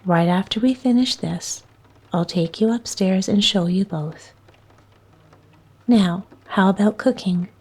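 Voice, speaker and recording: A woman reading aloud and voicing a brisk, practical young girl who takes charge firmly. She speaks slowly, with a mellow, darker tone. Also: mid-range voice, husky. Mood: bossy. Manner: firm, commanding, sometimes scornful.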